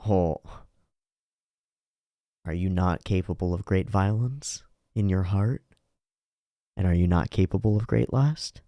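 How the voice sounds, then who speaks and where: A man's voice: sits low, normal speed, dark tone, dry recording, clean studio sound. A man hosting an anime reaction video, speaking bluntly and emphatically, with some swearing. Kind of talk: reaction commentary.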